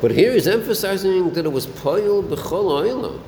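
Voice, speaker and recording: A man's voice: high-pitched, sing-song, moderate pace, vocal fry, dark tone. A man teaching a lesson in a study hall, asking his students questions and mixing in Yiddish and Hebrew terms. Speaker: Torah teacher. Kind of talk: Talmudic-style lesson with students. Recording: echoey room, faint air conditioning hum.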